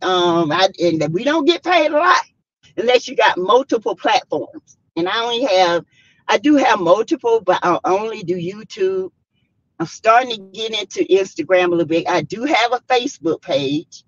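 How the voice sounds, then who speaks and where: A woman's voice: mid-range voice, lively intonation, moderate pace, dry recording, highs cut off. A woman with a Southern American accent hosting a casual live stream, reading out viewer comments, laughing often and talking with plenty of sass. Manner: sassy, laughs often, greets viewers by name. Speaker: YouTube live stream host.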